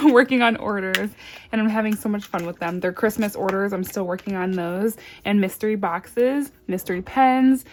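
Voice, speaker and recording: A woman chatting casually in her vlog, bubbly and excitable, gasping and squealing over packages. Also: mid-range voice, a little hiss or hum. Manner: murmured counting of cash. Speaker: budgeting vlogger.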